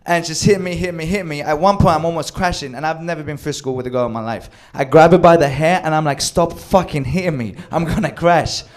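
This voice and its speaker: Animated male storyteller, slightly high voice. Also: quick pace, hardly any pauses. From Sweden. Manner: animated, acts out quoted lines, swears freely. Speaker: storyteller on a comedy show. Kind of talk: live comedic storytelling.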